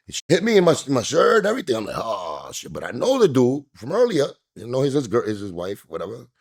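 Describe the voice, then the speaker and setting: A man, an interview guest telling a story with lively, animated delivery, acting out what other people said. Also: fast talker, gravelly, hardly any pauses, husky. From New York. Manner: acts out quoted voices, jumping high and loud.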